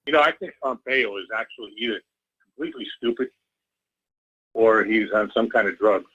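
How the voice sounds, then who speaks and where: A man's voice: fairly low pitch, normal speed, fairly bright tone, breathy edge. A man from the US calling in to a talk radio show, ranting bluntly and with agitation. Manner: blunt, agitated, repeats "all right?". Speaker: caller. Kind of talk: phone-in rant. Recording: dull phone line.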